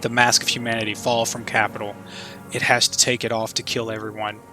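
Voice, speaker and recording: A man voicing a frail, bitter old soldier in his sixties, delivering a grim, haunted monologue in a flat voice. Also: mid-range voice, brisk, over music, lightly acted, poor audio. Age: 60s.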